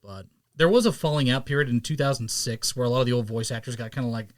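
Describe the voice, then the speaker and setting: A man in his thirties hosts a casual podcast chat in a mid-range voice. He tells stories in a rambling, animated way and swears freely. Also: medium pitch, quick pace. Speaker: podcast host.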